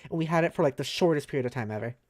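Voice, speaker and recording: Fast-talking American woman streamer. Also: sits low, a little mellow. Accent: American, maybe New England. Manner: speaks fast and slurs words a little; reassuring, chatty, lots of "like" fillers. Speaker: streamer reading a webcomic aloud. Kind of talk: casual live-stream chat with viewers.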